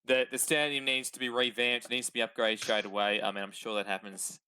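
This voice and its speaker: A man's voice: mid-range voice, flat delivery, fast talker, sharp tone, a little hiss or hum, poor audio. A young Australian man co-hosting a casual sports podcast, laid-back and rambling. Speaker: podcast co-host.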